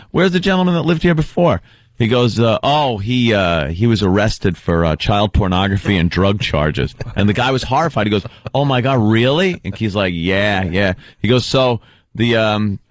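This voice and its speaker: A man co-hosting a radio show, telling animated stories full of laughter and quoted voices in casual banter. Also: fairly low pitch, dry recording.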